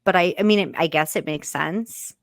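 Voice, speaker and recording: A young woman chatting casually on a reaction channel, skeptical and quick to laugh, with lots of filler words. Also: low voice, creaky, no echo, clean studio sound.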